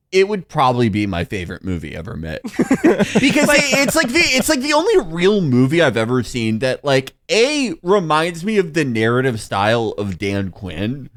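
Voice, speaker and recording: A man's voice: on the high side, fairly bright tone. A man co-hosting a podcast, rambling enthusiastically through comparisons. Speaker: podcast co-host. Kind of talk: casual comedic film review.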